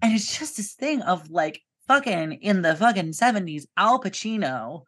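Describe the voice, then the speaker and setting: A woman's voice: medium pitch, lively intonation, normal speed. A woman co-hosting a podcast, talking about a film casually, with emphatic, frequent swearing. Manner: profane, emphatic, swears often. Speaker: podcast co-host.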